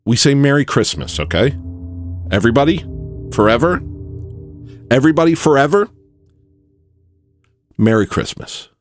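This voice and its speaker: A man's voice: very animated, moderate pace, faint music behind. Man in a mock-earnest, rambling satirical monologue. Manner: mock-earnest, rambling, with sudden swings in pitch.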